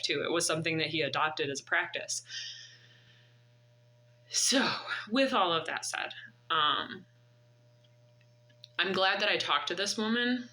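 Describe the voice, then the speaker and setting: A woman's voice: fairly low pitch, sharp tone, poor audio. A woman in her thirties telling a personal story in a vlog, earnest and reflective. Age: 30s. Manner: earnest, reflective, faith-driven. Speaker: vlogger.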